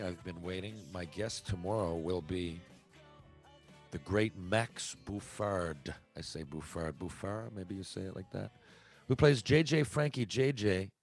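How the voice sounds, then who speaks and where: A man hosting his own podcast, talking casually and rambling from thought to thought. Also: low voice. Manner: rambling, conversational, self-interrupting. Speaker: podcast host. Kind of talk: casual solo podcast monologue.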